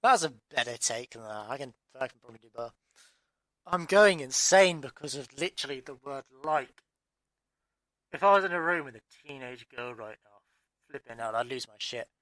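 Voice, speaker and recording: A man's voice: mid-range voice, lively intonation, normal speed, bright, forceful tone, no echo. A man from England, reading his own story aloud and muttering at himself through repeated restarts. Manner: exasperated self-talk with constant restarts. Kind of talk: audiobook narration outtakes.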